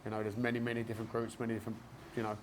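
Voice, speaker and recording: A man's voice: medium pitch, monotone, very fast, a little hiss or hum. A man with a Cockney accent from East London, a gym owner telling his story in a casual podcast interview, chatty and rambling. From East London, England. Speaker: gym owner and jiu-jitsu black belt guest. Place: basement martial arts gym.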